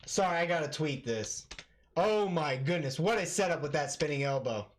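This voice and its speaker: Excitable male MMA stream commentator. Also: a little high, moderate pace, a little hiss or hum. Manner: excitable, yelling at big moments, casual slang. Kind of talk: live play-by-play commentary.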